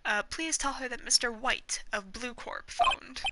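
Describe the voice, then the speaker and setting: A woman's voice: fairly high pitch, lively intonation, measured pace, dry recording. A woman reading a fawning bellboy. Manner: overly courteous. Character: polite, fawning male hotel bellboy. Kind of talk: reading game dialogue aloud. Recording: loud game music behind.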